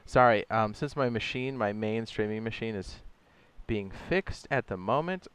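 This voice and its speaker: A man's voice: fairly low pitch, normal speed, clean tone, no echo. A man streaming a building game, chatting casually and rambling a little, with slangy asides to his viewers. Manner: relaxed, rambling, slangy ("dog", "my guy"). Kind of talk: casual livestream chat.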